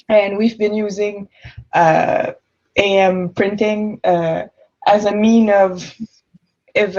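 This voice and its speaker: A woman with a French accent speaks as a founder on a panel. Her talk is lively, with light laughs between points. The audio sounds muffled and lo-fi. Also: medium pitch. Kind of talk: panel self-introduction.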